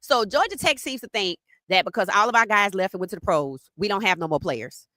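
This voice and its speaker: A woman hosting a casual live sports podcast, talking in an animated, teasing way and greeting chat viewers by name. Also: medium pitch, brisk, no room sound.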